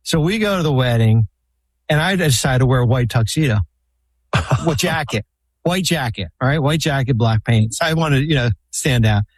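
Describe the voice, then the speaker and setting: A man of middle pitch spins long, meandering stories in casual chat, circling back and restarting as he goes. The sound is close and dry, with no room around it. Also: expressive, moderate pace, dry recording. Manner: rambling anecdotes full of restarts and fillers. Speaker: podcast guest, former basketball team executive.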